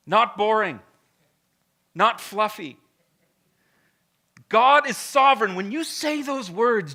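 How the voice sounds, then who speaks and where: A man's voice: high voice, bright, forceful tone. A male pastor preaching a sermon in a blunt, emphatic, conversational way, with frequent direct asides to the congregation.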